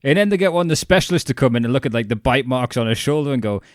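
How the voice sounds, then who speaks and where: A man's voice: mid-range voice, lively intonation, very fast, dry recording, studio quality. A man co-hosting a casual podcast, joking and swearing as he retells scenes. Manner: joking, profane, acts out scenes in silly voices. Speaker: podcast co-host. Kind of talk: casual chat.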